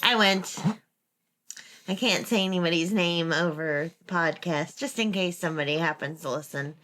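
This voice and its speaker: Bright-voiced woman, laughing a lot. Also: fairly low pitch, moderate pace. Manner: laughing, animated storyteller. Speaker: podcast co-host. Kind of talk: casual chat.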